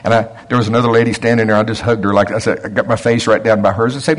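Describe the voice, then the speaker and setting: A man's voice: lowish voice, quick pace, husky. A middle-aged man preaching a storytelling sermon in a folksy way, acting out both sides of a conversation and chuckling often.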